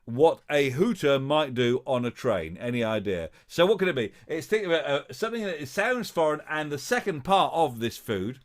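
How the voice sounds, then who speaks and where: A man hosts a live online quiz, his voice rising and falling a lot as he talks. He chats in a halting, filler-heavy way and plays along with viewers' guesses. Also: fairly high pitch, very animated. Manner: chatty, halting, full of filler sounds; playful, reads out viewer guesses. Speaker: host of a live-streamed show.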